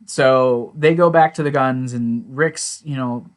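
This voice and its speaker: A man's voice: mid-range voice, unhurried, clean tone. A man casually recapping and reviewing a TV episode, rambling along with lots of "you know" and "like".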